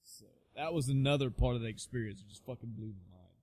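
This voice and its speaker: A man's voice: medium pitch, fast talker, dry recording. A man co-hosting a podcast, telling a story in casual chat with lots of swearing, acting out the people in it. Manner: profane, animated storyteller acting out quoted voices. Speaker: podcast co-host.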